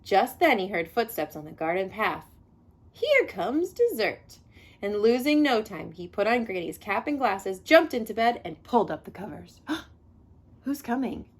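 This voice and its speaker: A woman reading a picture book aloud to children, expressive and adding chatty asides as she goes. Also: medium pitch, moderate pace. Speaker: read-aloud storyteller.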